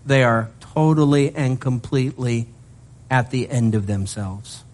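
Animated, joking male preacher. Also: medium pitch, unhurried. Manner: animated, with humorous asides. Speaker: pastor. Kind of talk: sermon.

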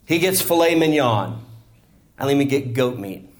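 A man's voice: medium pitch, lively intonation, moderate pace. A man preaching a sermon in a church, acting out the characters as he explains a parable. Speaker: pastor.

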